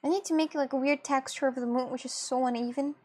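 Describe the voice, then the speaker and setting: A woman's voice: high-pitched, fairly even intonation, quick pace, a little mellow. A young woman chatting casually with her viewers while drawing on a livestream, laughing often and reacting to chat. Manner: giggly, chatty, talks to viewers. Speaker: streamer.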